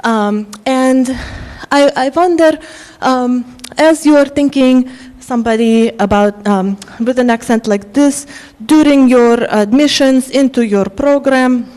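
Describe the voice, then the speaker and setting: A woman playing a keen applicant, heavy Russian accent, halting, loud and a touch high. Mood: eager. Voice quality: halting, searching for words.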